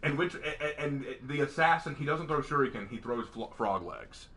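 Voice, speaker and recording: A young man hosting a gaming stream, chatting casually as an animated storyteller who laughs often. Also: medium pitch, moderate pace, a crowd in the background. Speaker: streamer, host.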